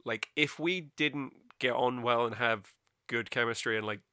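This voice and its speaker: A young man with a light West Country accent, chatting loosely as a podcast co-host and rambling with plenty of fillers. His voice is bright and forceful, and the recording is close and dry. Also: medium pitch, normal speed, clear, resonant tone, no echo. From West Country of England. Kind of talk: casual chat.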